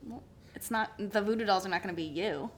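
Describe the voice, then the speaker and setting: A woman in her late twenties co-hosting a podcast, chatting in a lively way and telling stories with frequent laughter. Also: mid-range voice, fast talker, slight background noise. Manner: lively, laughs often, animated storytelling. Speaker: podcast co-host. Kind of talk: casual chat.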